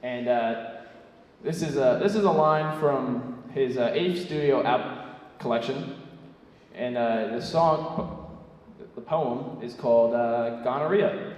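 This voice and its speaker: A man's voice: mid-range voice, slow pace, darkish tone. Brash young man doing stand-up. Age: young adult. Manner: brash, profane, tosses in asides like "right?". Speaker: stand-up comedian. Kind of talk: stand-up comedy set. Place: theatre stage before a live audience. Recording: echoey theatre hall from far off.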